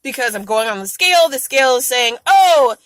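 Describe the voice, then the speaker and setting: A woman vlogger venting frankly to camera, swearing a lot and growing animated and exasperated. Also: quick pace, no echo, poor audio. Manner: frank, heavily profane venting; animated, rising to high exasperation. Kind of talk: casual vlog rant to camera.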